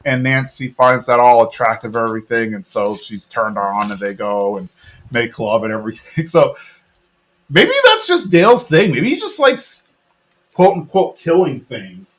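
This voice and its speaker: A man's voice: medium pitch, big pitch swings, moderate pace, fairly bright tone. A man co-hosting a podcast, casually retelling a cartoon episode with plenty of fillers and little laughs. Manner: rambling, lots of fillers and laughs. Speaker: podcast co-host. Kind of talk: casual recap chat.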